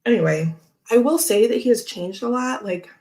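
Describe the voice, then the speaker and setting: A woman's voice: on the high side, expressive, normal speed, a little mellow. A woman hosting a casual chat, telling a rambling story full of fillers and frequent laughs. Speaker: tarot channel host.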